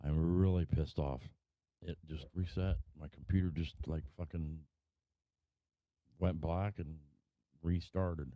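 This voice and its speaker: A man's voice: low voice, fairly even intonation, slow pace, pauses often, no room sound. A man hosting a live stream in casual chat, frustrated and cursing often as he talks. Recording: dry, tinny phone-like sound.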